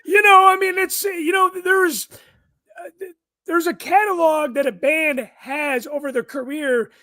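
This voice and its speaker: A man with an unusually high, thin, strained voice chatting casually as a podcast guest, blunt and quick to swear and laugh. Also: steady tone, bright, forceful tone, dry recording, studio quality. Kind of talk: casual chat.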